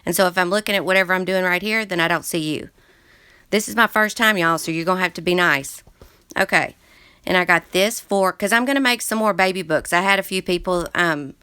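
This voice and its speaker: A woman speaks with a fairly low, smooth voice that's pushed and bright, recorded cleanly in the studio with no room sound. She hosts a crafting livestream from her craft room lined with books, reading viewers' chats aloud, greeting them, and talking in a chatty, scattered manner.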